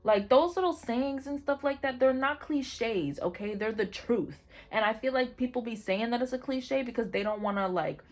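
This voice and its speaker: Excitable woman giving a chatty tarot reading. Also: on the high side, moderate pace, few pauses. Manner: chatty, excitable, swears casually, exclaims often; addresses viewers directly with pep talk. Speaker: tarot reader. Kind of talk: casual tarot reading to camera.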